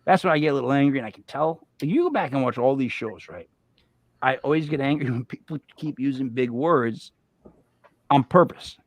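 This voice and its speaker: A man hosting a podcast, chatting casually in an animated, joking, rambling way. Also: medium pitch, a little fast, dry recording. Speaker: podcast host. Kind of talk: casual chat.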